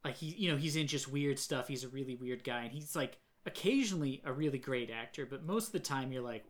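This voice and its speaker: A man's voice: medium pitch, lively intonation, brisk, hardly any pauses. A man hosting a casual podcast, ranting with lots of swearing and laughter. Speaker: podcast host.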